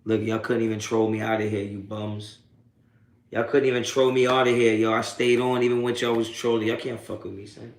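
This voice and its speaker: A man's voice: fairly low pitch, little pitch movement, fairly quick, echoey room. A man hosting a live post-game sports reaction stream, reading chat and trash-talking trolls with streetwise slang and constant swearing. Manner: profane, streetwise trash talk; taunting, laughing off trolls. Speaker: sports talk livestream host.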